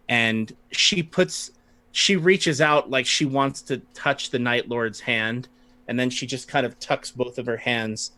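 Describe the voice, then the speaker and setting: Unhurried man narrating as game master. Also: medium pitch, bright, forceful tone. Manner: unhurried, pausing often with fillers.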